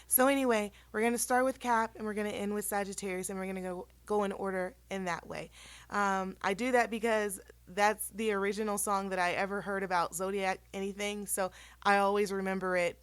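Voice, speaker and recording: A woman hosting a casual tarot reading, chatty and rambling with many ums, her voice slightly hoarse. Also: medium pitch, steady tone, fairly quick, no echo. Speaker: tarot reader and channel host.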